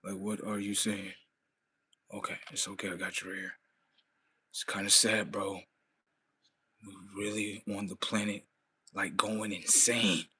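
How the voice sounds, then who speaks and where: A man ranting on a live stream in a slangy, swearing, animated way. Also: lowish voice, a little slow, pauses often, slightly rough. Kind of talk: profane live-stream rant.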